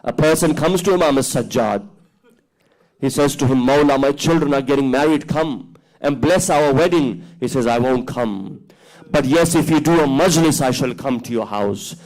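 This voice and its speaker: A man's voice: mid-range voice, normal speed, a little mellow, low-quality recording. A man delivering an impassioned mourning sermon at a religious centre, his voice rising into emotional cries. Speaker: preacher reciting a majlis. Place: mosque community centre.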